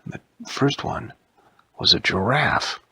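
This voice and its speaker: A man telling a bedtime story in a slow, hushed, often whispered voice. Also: dry recording.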